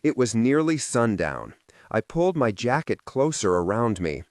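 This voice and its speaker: A man narrating a fantasy novel in the first person, in a soft, measured and emotive way. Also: mid-range voice, sing-song. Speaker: audiobook narrator.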